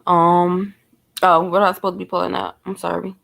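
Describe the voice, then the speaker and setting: A woman's voice: fairly low pitch, flat delivery, fairly quick, vocal fry, fairly bright tone. A woman giving blunt, profane commentary, speculating and talking straight to her viewers in a casual vlog. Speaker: true crime commentator.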